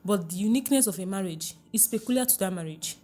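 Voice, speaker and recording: Nigerian woman coaching with lively warmth. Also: medium pitch, fast talker, faint music behind. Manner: lively, laughs often, keeps checking the listener understands. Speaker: relationship coach, guest. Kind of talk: podcast interview.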